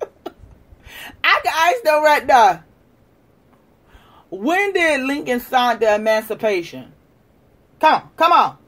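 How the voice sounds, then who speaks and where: A woman hosting a livestream, lecturing and challenging viewers in a combative way, moving from shouting to quiet muttering. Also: high voice, big pitch swings, takes it slowly, pauses often. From United States. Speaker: livestream host. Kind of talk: live-stream rant to viewers.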